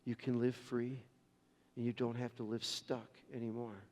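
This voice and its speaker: A man's voice: medium pitch, little pitch movement, moderate pace, a little mellow, in a large hall. A man preaching a sermon as pastor, telling a story in an earnest way with frequent restarts.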